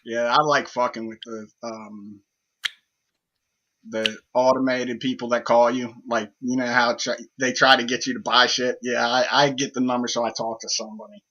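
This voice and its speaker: A man co-hosting a casual chat show, telling stories in an animated way, his voice jumping up on punchlines and full of swearing. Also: normal speed, dull audio. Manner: animated storyteller, rising pitch on punchlines, heavy swearing. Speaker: podcast co-host.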